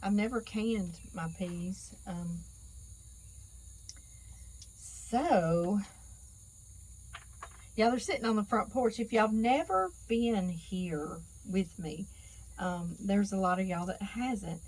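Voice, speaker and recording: A woman's voice: mid-range voice, takes it slowly, long pauses, a little mellow, a little hiss or hum, poor audio. Chatty southern lady w a drawl, middle-aged, rambling on to her viewers from the porch. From Louisiana. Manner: chatty, folksy, addresses viewers as y'all. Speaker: cooking channel host. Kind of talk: casual chat to viewers. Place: outdoor canning kitchen porch.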